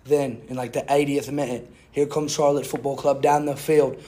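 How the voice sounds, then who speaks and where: A young man doing a playful, put-on British accent as a mock British gentleman, recapping his week like a sportscaster. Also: mid-range voice, little pitch movement, normal speed, close to an everyday voice. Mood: excited.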